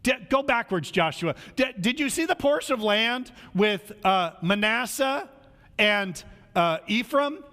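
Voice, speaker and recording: A man's voice: sits high, expressive, a little slow, pushed and bright, in a large hall. A male pastor preaching a casual, conversational sermon in a church, acting out the voices of people he quotes.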